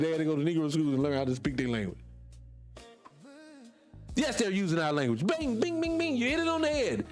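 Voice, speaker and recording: A man with a voice that sits a little high talks casually on a morning livestream. He rambles and gets impassioned, picks up chat comments, and loses his thread. Soft music plays faintly underneath. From small town in North Carolina. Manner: rambling and impassioned, loses his train of thought, voice rising when fired up. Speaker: morning show host.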